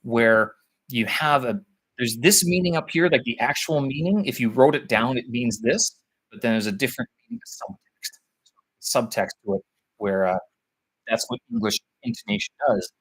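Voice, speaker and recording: A man's voice: medium pitch, very animated, moderate pace, a bit bright, breathy edge, rough recording. A man talking live about teaching English, rambling and searching for words as he thinks aloud. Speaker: vlogger on teaching English abroad. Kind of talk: live-stream talk.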